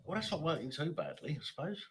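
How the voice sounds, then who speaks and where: Man, stream host, laddish and rambling, lively up-and-down pitch, crowd chatter behind. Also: fast talker, vocal fry. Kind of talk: casual chat with callers.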